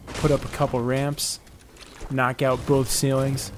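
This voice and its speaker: A man's voice: medium pitch, level tone, measured pace, noisy background. Laid-back man narrating his gameplay. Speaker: gameplay commentator. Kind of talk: casual gameplay commentary.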